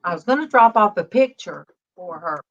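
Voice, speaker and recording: A middle-aged woman, hosting a casual online prayer-group chat and pausing often with "um". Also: fairly low pitch, expressive, fairly bright tone, muffled recording. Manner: halting, many pauses and "um"s. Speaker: online ministry panel host.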